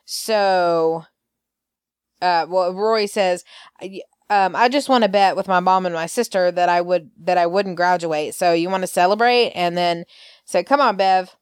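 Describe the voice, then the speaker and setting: A woman's voice: on the low side, steady tone, normal speed, smooth, dry recording, studio quality. A woman hosting a podcast, recapping soap opera scenes in a chatty way, full of fillers and quoted lines. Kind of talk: casual recap chat.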